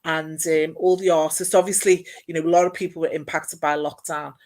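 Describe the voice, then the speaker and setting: A middle-aged woman, a guest in casual conversation, telling stories in an animated way and acting out what others said. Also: deep voice, brisk. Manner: animated storyteller, acts out quoted dialogue, laughs often. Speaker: guest, former city mayor. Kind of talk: casual chat.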